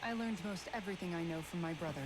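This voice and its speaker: Woman voicing Kisara, gentle and fond. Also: on the low side, fast, background noise, lightly acted. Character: kind capable woman who cooks and mends weapons. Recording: game audio with background music.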